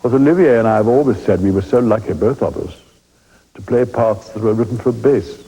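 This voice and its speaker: An elderly English man with a very husky, breathy voice that sits low and mellow. He tells wry, anecdotal stories from the stage and chuckles often as he reminisces. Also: fairly quick, dull audio. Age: 80s. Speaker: veteran stage actor interviewed. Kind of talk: reminiscing interview.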